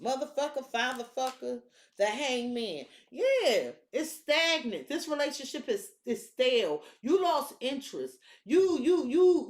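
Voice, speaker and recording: A woman giving a casual tarot reading, blunt, sassy and full of swearing, talking straight to the viewer and to her cards. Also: sits high. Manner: blunt, profane, sassy and animated. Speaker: tarot reader.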